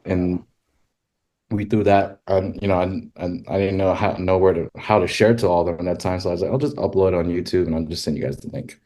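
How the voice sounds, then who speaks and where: A man who is a podcast guest, telling stories casually and animatedly, leaping up in pitch when he quotes himself. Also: fast talker, warm tone. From California. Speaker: guest, rodeo filmmaker. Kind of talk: casual storytelling.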